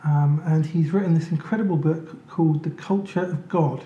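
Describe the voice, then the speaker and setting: A man's voice: a little high, steady tone, normal speed, dark tone, slight background noise. A man hosting an interview in an office, speaking hesitantly with many filler ums. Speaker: podcast host. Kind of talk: interview host. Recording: dull, echoey office sound.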